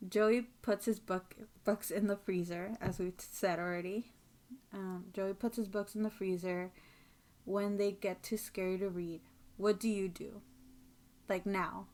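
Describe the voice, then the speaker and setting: A woman co-host in casual conversation, her voice sitting at an ordinary middle pitch. She talks in a chatty, loose way, laughs often, and gets worked up when she rants. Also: steady tone, measured pace, darkish tone. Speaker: podcast co-host. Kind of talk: casual chat.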